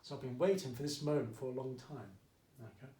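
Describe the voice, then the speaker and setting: A man's voice: mid-range voice, a little fast, dark tone, far from the mic, slight background noise. A man with an Essex accent teaching maths in a casual, jokey video lesson, often checking in with "okay?". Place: at home during lockdown. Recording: echoey room, mic set back.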